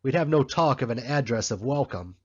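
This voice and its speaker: A man voicing a sardonic male political loafer in a storybook reading, husky and slightly muffled. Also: mid-range voice, lively intonation, a little fast.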